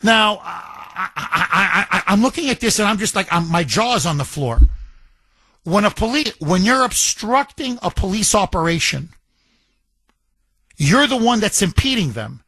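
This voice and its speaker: A man's voice: high-pitched, expressive, measured pace, sharp tone, slightly rough, no echo. A middle-aged man hosting a talk radio show, delivering an emphatic, indignant monologue with lots of repetition.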